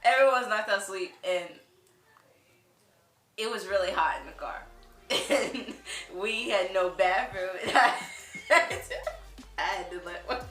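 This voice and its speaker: A teenage girl on a vlog, bossy and quick, laughing as she tells a story. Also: mid-range voice, animated, fairly bright tone. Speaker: vlogger. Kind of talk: casual chat. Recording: roomy sound from a distance with faint music.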